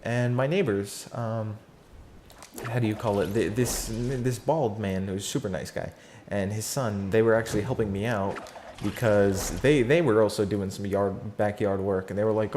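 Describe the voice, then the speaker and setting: A fourteen-year-old boy rambles through a story in a casual vlog, full of fillers, slang and restarts. His voice sits on the low side with fairly even intonation, a measured pace and a slightly mellow quality. There's a little background noise.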